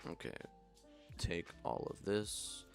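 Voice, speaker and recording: A man's voice: slow, soft background music. A young man around twenty, giving mumbled running commentary as he builds in a game stream. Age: young adult.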